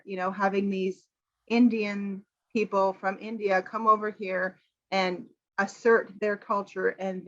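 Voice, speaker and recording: A woman's voice: mid-range voice, dull audio. Chatty American woman teacher. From United States. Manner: chatty, animated quoting. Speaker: English teacher, channel host. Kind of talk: casual chat about a film.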